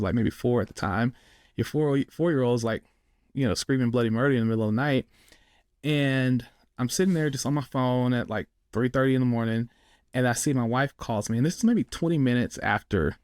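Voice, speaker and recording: A man's voice: medium pitch, no room sound, studio quality. A middle-aged man telling a personal story in casual, rambling talk, full of fillers as a podcast guest. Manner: rambling, lots of "like" and "you know".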